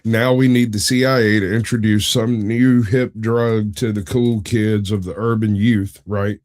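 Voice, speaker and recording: A man's voice: on the low side, little pitch movement, a little slow, a little mellow. A man co-hosting a podcast in casual chat, joking and teasing with crude humor. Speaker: podcast co-host.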